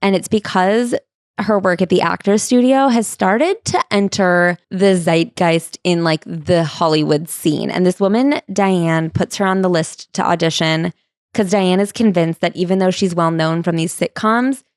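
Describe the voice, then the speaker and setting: A woman co-hosting a podcast, recapping a memoir's story in a steady, matter-of-fact way. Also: lowish voice, a little slow, dry recording, studio quality. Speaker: podcast co-host. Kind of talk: casual book club chat.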